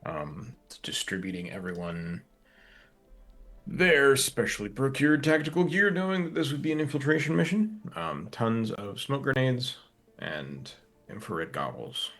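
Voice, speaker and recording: A man playing a tabletop game, laying out plans in character in a deliberate way. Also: mid-range voice, lively intonation, fairly bright tone, faint music behind. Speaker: player.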